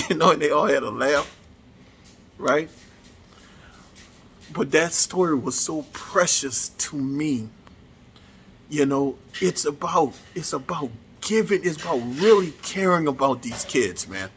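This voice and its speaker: A man's voice: fairly high pitch, lively intonation, takes it slowly, long pauses, a bit bright, slight background noise. A man, casually telling a heartfelt story to his viewers, earnest and repeating himself as he goes. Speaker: vlogger.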